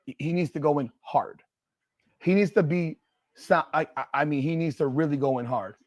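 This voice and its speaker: Guy doing a live football watch stream, kinda high voice, dry close mic, gets loud and repeats himself. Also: moderate pace, dry recording. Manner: excitable sports fan talk with repetitions, shouting at plays. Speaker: host of a sports live stream. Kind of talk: live watch-party reaction.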